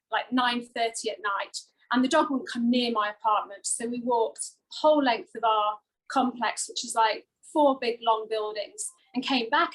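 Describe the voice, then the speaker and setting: A woman co-hosting a talk show, telling a heartfelt personal story with many pauses and fillers. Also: on the high side, a bit bright, low-quality recording. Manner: earnest, emotional, rambling with many fillers.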